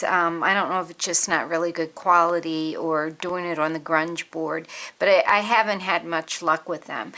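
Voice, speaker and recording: A woman talking through a crafting tutorial in a relaxed, chatty way, thinking aloud as she works. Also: fairly low pitch. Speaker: crafter demonstrating a project.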